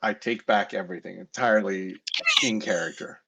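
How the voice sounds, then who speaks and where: A man's voice: low voice, moderate pace, vocal fry, highs cut off, noisy background. A man, a player in a tabletop game, talking in a wry, chatty way in character.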